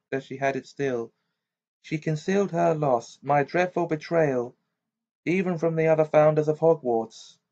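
A man's voice: on the high side, a little mellow, pitched above the performer's own voice. A man reading the lines of a proud, bitter female ghost in an amateur audiobook, with a stiff, clipped delivery. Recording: dull lo-fi recording.

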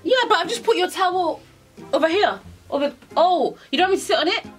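A young British woman in her twenties, casually telling a storytime vlog, animated, slangy and swearing as she acts out scenes. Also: very high-pitched, quick pace, music in the background. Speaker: storyteller vlogger.

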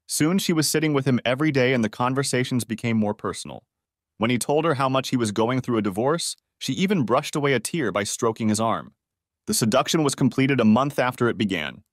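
A man narrating a drama story for an audiobook in an expressive, dramatic reading style. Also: medium pitch, fairly quick, dry recording, clean studio sound.

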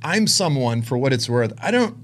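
Animated man preaching an emotional testimony. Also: mid-range voice, moderate pace. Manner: emotional storytelling, swings from hushed to intense. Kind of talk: sermon testimony.

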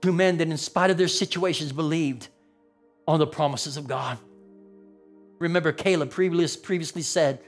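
A man's voice: a little high, normal speed, soft background music. A man preaching a sermon as pastor, with a repetitive, building cadence that rises into dramatic quoted lines. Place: church sanctuary.

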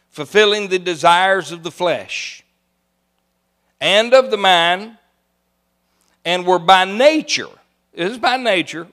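An older man preaching a sermon in a church, folksy, moving from soft asides to loud cries and slowing down to read scripture. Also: high voice, clear, resonant tone. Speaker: pastor. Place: church sanctuary.

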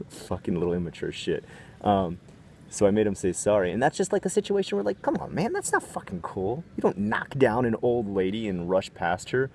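Low-voiced man ranting in a vlog. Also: moderate pace, slight background noise. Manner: profane, rambling, animated retelling. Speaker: vlogger. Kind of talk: casual storytelling rant.

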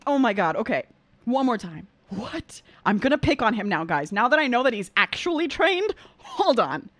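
A bubbly woman reacting live, her high voice swooping all over with excitement. She gasps and exclaims, then settles into calm, expert vocal critique. Recorded close and dry, with no room sound. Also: normal speed, dry recording. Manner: excitable, gasping exclamations, many "like"s. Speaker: opera singer reacting to a video.

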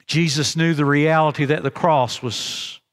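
Guy preaching a sermon, kinda high voice, lots of restarts, slows way down on the big lines, chapel echo. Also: steady tone. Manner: earnest, halting restarts, slows for emphasis. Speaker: pastor. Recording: long reverb in a chapel.

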